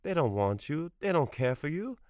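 A man's voice: on the high side, big pitch swings, moderate pace, a little mellow, dry recording, studio quality, voice pushed up. A man doing a stern old Creole grandmother. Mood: scolding. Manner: scolding in broken English.

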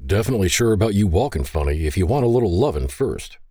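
Man playing a flirty groom, joking, deep voice, animated, dry audiobook sound. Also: fast talker, no echo.

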